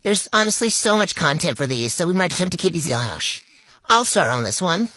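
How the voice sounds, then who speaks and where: A woman runs through her husband's pet peeves in a couple's comedy vlog, teasing him as she goes. Her pitch swings widely, and the close, dry recording has no room echo. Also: fairly quick. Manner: animated, teasing. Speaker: vlogger.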